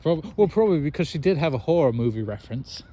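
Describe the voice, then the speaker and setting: A young American man in casual chat, telling an animated, self-mocking story and laughing often. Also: a little high, quick pace, muffled recording, slight background noise. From United States.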